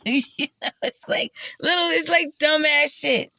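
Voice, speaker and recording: Woman vlogger, fry-heavy voice, profane storyteller, dry sound. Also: measured pace, dry recording. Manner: profane, animated, quoting herself in a higher voice. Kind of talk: casual storytelling monologue.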